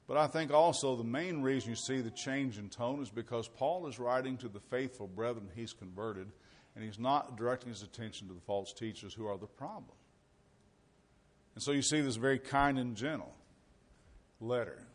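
A man of ordinary mid pitch delivers a teaching sermon to his congregation. He reads scripture with rising emphasis and slips into relaxed, folksy asides between the readings. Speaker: preacher.

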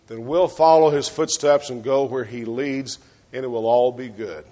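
A man preaching an earnest sermon, often clearing his throat and letting his voice sink soft and low at the ends of phrases. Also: fairly even intonation, normal speed.

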